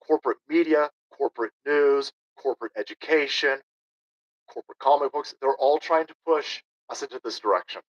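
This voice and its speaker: On dull, lo-fi stream audio, a political livestream host in his thirties speaks at normal speed in a mid-range voice, reading chat messages aloud between sarcastic, combative rants.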